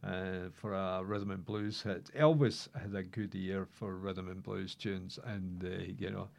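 A man's voice: low-pitched, fairly even intonation, unhurried, gravelly, a little mellow. A man hosting a radio music show, chatting casually between records with chuckles and rambling asides. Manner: chuckling, rambling, many uh fillers.

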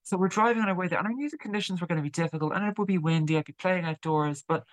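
A woman's voice: fairly low pitch, no echo, rough recording. A woman musician being interviewed, chatting casually and repeating words as she tells a story. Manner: halting, repeats words while telling a story. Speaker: guest musician.

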